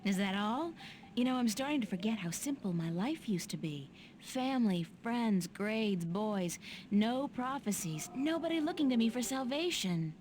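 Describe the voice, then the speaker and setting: A woman's voice: a little high, animated, moderate pace, darkish tone, a little hiss or hum, lightly acted. An actress voicing a curious young woman heroine in a video game, with dry, wry remarks.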